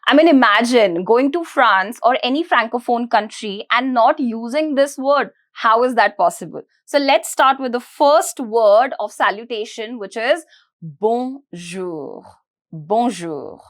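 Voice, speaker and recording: A woman teaching a pronunciation lesson, breaking words into syllables and repeating each one slowly. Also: a little high, animated. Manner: slow, syllable-by-syllable with repeated drilling. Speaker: language teacher.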